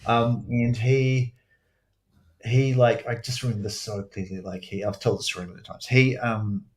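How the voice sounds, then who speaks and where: A man hosting a casual podcast chat, rambling through stories with lively energy and frequent swearing. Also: medium pitch, moderate pace. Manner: rambling, animated storyteller who swears freely. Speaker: podcast host.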